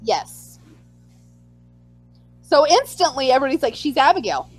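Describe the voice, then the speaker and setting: Brief: woman co-host, very high and lively pitch, excitable storyteller, dry close mic. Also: moderate pace, no room sound, soft background music, low-quality recording. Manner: animated, acts out her own reactions in a squealing voice. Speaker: podcast co-host. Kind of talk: casual chat.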